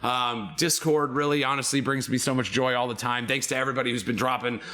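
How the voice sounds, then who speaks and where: A man's voice: mid-range voice, fairly even intonation, fast, pushed and bright. A man hosting and running a tabletop game, giving a sentimental, profane introduction. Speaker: game master and show host. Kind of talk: emotional show introduction.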